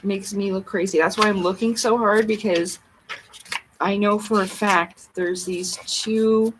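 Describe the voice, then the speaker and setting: A woman's voice: mid-range voice, steady tone, measured pace. Woman muttering over a noisy recording. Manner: muttering, flustered, thinking aloud. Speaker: livestream host. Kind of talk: unscripted livestream talk to herself while searching a book.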